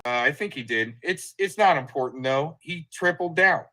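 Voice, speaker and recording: A man's voice: on the high side, animated, moderate pace, sharp tone, rough recording. Profane, combative man ranting on a stream. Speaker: livestream host. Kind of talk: ranting commentary over played clips.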